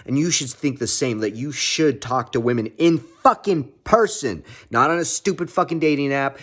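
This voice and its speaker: A man's voice: medium pitch, animated, normal speed, a bit bright. A young man vlogging a casual, heavily profane self-help pep talk. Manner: heavy swearing, pep-talk.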